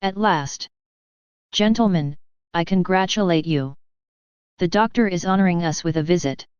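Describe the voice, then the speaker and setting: An agitated young male asylum patient, read by a woman narrator with a low, very clear voice. He throws out bitter, accusing outbursts. The recording is dry and slightly dull, as from a storybook audiobook. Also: normal speed, darkish tone, no room sound, lightly acted. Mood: mocking.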